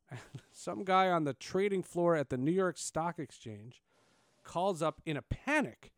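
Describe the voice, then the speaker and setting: A man's voice: a little high, measured pace, dry recording, studio quality. A man, hosting a casual interview and telling stories with lots of fillers and restarts. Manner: animated storyteller, many fillers and restarts. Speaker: podcast host.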